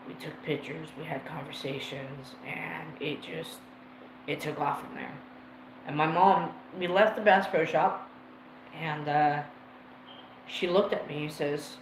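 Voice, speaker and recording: A man's voice: fairly high pitch, takes it slowly, long pauses. A man hosting a livestream, telling a personal story in a rambling, emotional way and swearing freely. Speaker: livestream host. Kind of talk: casual storytelling to a live chat. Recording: roomy echo with faint ambient noise.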